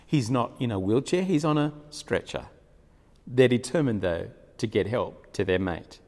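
A man preaching a sermon, retelling a story in an animated way with frequent chuckles. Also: mid-range voice, normal speed. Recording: long hall reverb.

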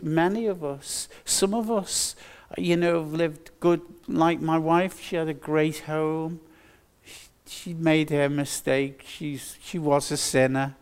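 A man's voice: on the high side, a little mellow. An older man preaching a sermon, earnest and emphatic, repeating his key phrases. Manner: earnest, slow and emphatic with repetitions.

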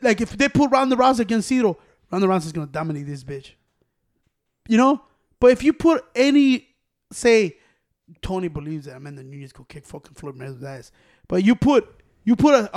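A man co-hosting a casual chat, talking in a profane, animated way and saying "bro" a lot. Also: sits high, normal speed.

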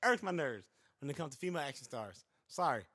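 A man in casual podcast chat, talking fast and animated, laughing often and filling his speech with "you know". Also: on the high side, husky. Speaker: podcast co-host.

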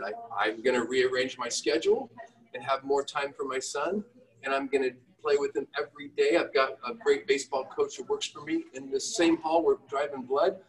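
A man's voice: medium pitch, moderate pace, recorded from a distance, low-quality recording. A middle-aged man, an entrepreneur and father, telling candid, self-deprecating stories and quoting himself. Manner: animated, self-deprecating, quotes himself in raised voices. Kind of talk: candid storytelling in a conversation.

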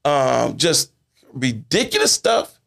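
A man's voice: mid-range voice, very animated, slow, vocal fry, fairly bright tone. A man in a church talk discussion, speaking in a folksy, exasperated, emphatic way.

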